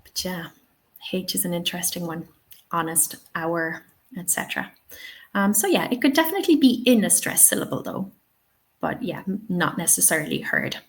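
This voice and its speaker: A woman's voice: on the low side, very animated, a little fast, poor audio. A young Irish woman running a live teaching webinar, answering chat questions in a chatty, upbeat way. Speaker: TEFL webinar trainer.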